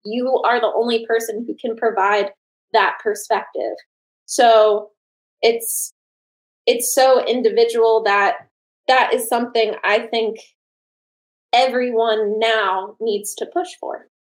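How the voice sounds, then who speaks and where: A woman's voice: a little high, fairly even intonation, takes it slowly, rough recording. A woman in her late twenties, an artist and teacher, talking earnestly and enthusiastically in an interview, with many fillers and restarts. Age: late 20s. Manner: laughs often. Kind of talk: podcast interview.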